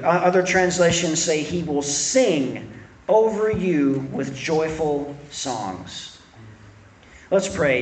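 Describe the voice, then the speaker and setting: A man's voice: on the high side, animated, takes it slowly, far from the mic. A man preaching an evening sermon as pastor, reading scripture and talking in a loose, conversational way that repeats words and restarts sentences. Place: church service in a room. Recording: echoey room, speaker off-mic, faint noise.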